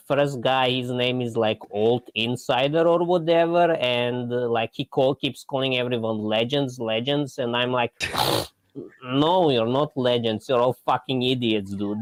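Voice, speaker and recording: A crude, boastful male streamer, as a caller puts him on drawls out insults at a slow pace. He chuckles at his own lines and sounds smug. The message is dry and close, with no room around it. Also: medium pitch, clear, resonant tone, no room sound, natural voice.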